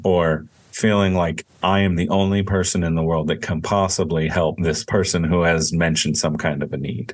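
Deep, husky-voiced male counselor. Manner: earnest, explanatory, faith-based. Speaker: counselor and podcast co-host. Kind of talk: casual podcast teaching.

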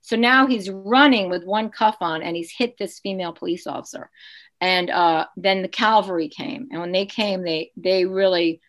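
A woman's voice: medium pitch, normal speed, fairly bright tone. A woman in her fifties, a podcast guest, telling a painful personal story in an earnest, emotional way with frequent restarts.

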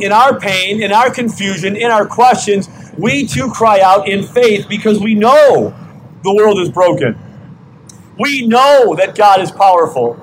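An older man delivers a sermon at a slow, deliberate pace, pressing his points with repeated questions. His voice sits high for a man. Faint outdoor traffic hum runs behind him. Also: rough recording. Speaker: pastor. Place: outdoor parking lot service.

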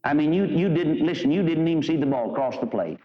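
A man's voice: fairly high pitch, animated, a little fast. A man preaching a fervent revival sermon in a church, swinging between quoted scripture and blunt, emphatic talk. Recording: dull lo-fi archival sermon recording.

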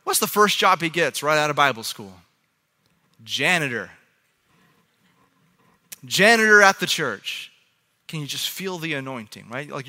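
A man with a high, very bright and forceful voice, preaching in a loose, conversational way and often tossing quick asides to his listeners. His sermon rings out with a long reverb, as in a large church hall. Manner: conversational, frequent "right?" asides to the audience. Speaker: pastor.

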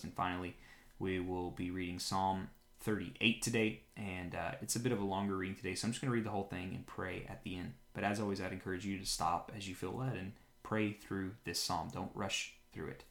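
Man, Bible podcast host, gravelly, lowish voice, earnest devotional reading, echoey room. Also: steady tone, fairly bright tone. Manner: unhurried, earnest, with frequent fillers and restarts in his own remarks. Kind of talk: scripture reading with short devotional commentary.

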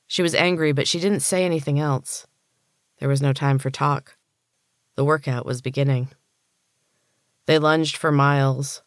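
A woman author and podcast host reading her own story aloud in a steady, measured narration. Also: deep voice, no echo, clean studio sound. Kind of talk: audiobook-style story reading.

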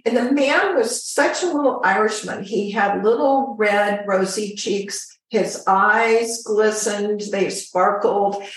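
An older woman, a former flight attendant, telling a story as an interview guest in a chatty, animated way. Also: medium pitch, slow pace, hardly any pauses, recorded from a distance. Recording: very echoey room.

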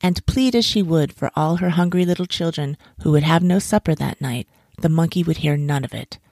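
Low, gravelly woman storyteller. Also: dry recording, studio quality. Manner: measured, expressive reading. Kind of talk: storybook narration.

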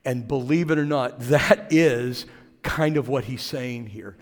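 A man's voice: mid-range voice, measured pace. A man preaching a sermon as pastor, talking in a conversational way with asides to the congregation. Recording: long reverb of a large hall.

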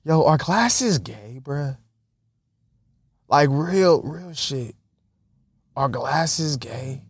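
A man's voice: a little high, extremely slow, slightly rough, no echo, clean studio sound. A young man in a casual rambling monologue, telling profane stories with frequent laughter. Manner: profane, laughing, animated storytelling.

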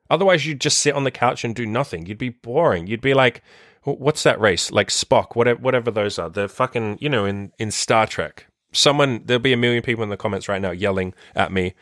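A man's voice: medium pitch, fairly bright tone, no room sound, studio quality. A man hosting a solo podcast, talking bluntly and passionately with lots of swearing, tired. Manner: blunt, profane, impassioned. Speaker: podcast host and dating coach.

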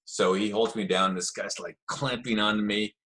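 A middle-aged man telling a story in a relaxed, chatty way, acting out the voices of the people in it. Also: on the low side, moderate pace. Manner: animated storyteller, acts out quoted voices. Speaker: guest telling stories of early jiu-jitsu. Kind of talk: casual storytelling.

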